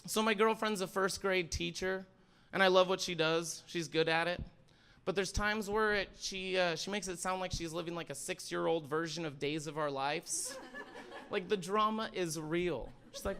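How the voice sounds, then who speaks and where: High-voiced young comedian shouting punchlines. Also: male voice, steady tone, normal speed. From Sandpoint, Idaho. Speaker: stand-up comedian. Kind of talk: stand-up comedy set. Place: stage in a library event hall.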